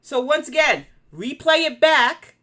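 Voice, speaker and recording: A woman's voice: sits high, lively intonation, measured pace, sharp tone. Blunt, profane New York woman host. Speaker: commentary livestream host. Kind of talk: live commentary and chat replies.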